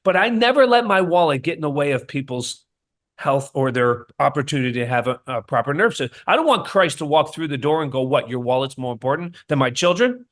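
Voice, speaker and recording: A man talking as a chiropractor guest on a podcast, emphatic and fond of stories and sermon-like points. His voice sits a little above the usual pitch for a man. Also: sing-song, a little fast, fairly bright tone. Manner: emphatic, storytelling, preachy. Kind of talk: casual podcast interview.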